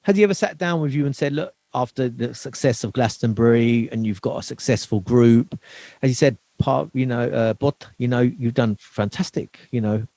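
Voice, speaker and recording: A man's voice: mid-range voice, normal speed, mellow, dry recording. A man hosting a podcast, asking supportive questions with some hesitation. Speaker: podcast host. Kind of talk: casual interview chat.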